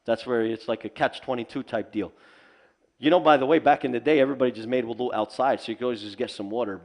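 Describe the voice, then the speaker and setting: A man teaching at a community center, telling stories with humor and lively asides. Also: medium pitch, fast talker. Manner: animated storytelling with humor. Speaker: Islamic teacher. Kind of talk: community lecture. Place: mosque community hall.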